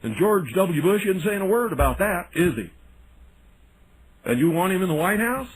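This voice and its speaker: A man's voice: sits high, lively intonation, normal speed, husky, rough recording. A man hosting a radio talk show, delivering an indignant, sarcastic monologue. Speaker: radio host.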